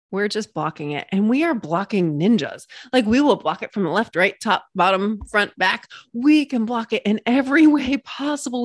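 A woman hosting a solo podcast as a coach, bubbly and animated with playful exclamations. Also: a little high, no echo, clean studio sound.

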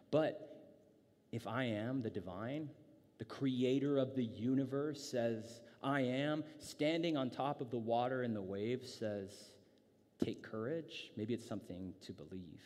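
A male pastor preaching a sermon in a relaxed, conversational way, restarting phrases often and reading scripture aloud. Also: medium pitch, normal speed. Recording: long hall reverb.

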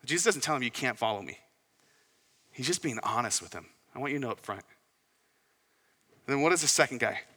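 A man preaching a sermon in a relaxed, conversational way, often putting questions to his listeners. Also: medium pitch, brisk, pauses often, breathy edge. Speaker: pastor. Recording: long hall reverb.

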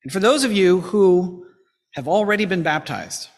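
Male pastor, high voice, earnest exhortation in a sermon, long church reverb. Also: animated, normal speed. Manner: earnest, exhorting, with lightly humorous asides. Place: church sanctuary.

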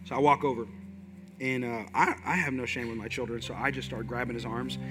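A man's voice: mid-range voice, fairly even intonation, brisk, a bit bright, faint music behind. A man in his thirties preaching a sermon with passion and energy, mixing in folksy asides. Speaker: pastor.

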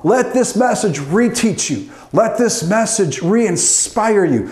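A man's voice: high-pitched, lively intonation, slow, few pauses, a little mellow, reverberant. A man preaching a sermon emphatically, calling out to an online congregation. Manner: emphatic preaching with call-outs to the audience. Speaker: pastor. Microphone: online streamed service.

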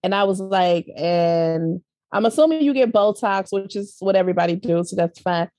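A woman co-hosting a casual gossip chat, giving blunt opinions in an animated way with frequent laughs. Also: medium pitch, moderate pace, no echo, clean studio sound. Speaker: podcast co-host.

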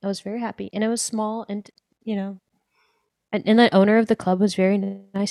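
This young woman, co-hosting a podcast, speaks a little fast in a gravelly yet mellow mid-range voice with flat delivery. Her casual chat is full of "like." It's a dry, clean studio recording.

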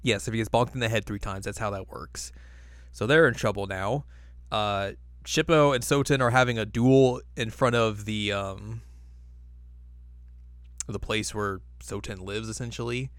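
A man's voice: lowish voice, fairly even intonation, no room sound. Dry-sounding man, casual recap chat. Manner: laughing, acts out characters' lines in quick funny voices. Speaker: podcast co-host recapping an anime episode.

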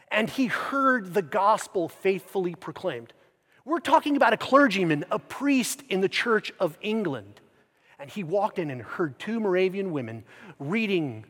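A man preaching a sermon, swinging from loud, emphatic bursts down to hushed, near-whispered phrases. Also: fairly high pitch. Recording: long church reverb.

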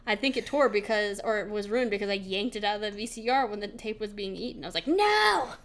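A woman co-hosting a podcast in casual chat, telling animated stories and acting out other people's voices with big jumps in pitch. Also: fast talker, slight background noise. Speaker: podcast co-host.

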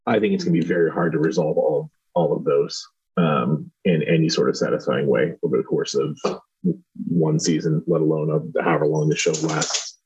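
A man's voice: extremely low pitch, steady tone, normal speed, a little mellow, slightly rough, muffled recording. A man from Southern Indiana co-hosting a podcast, reviewing a show in casual chat and hedging with many restarts. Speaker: podcast co-host.

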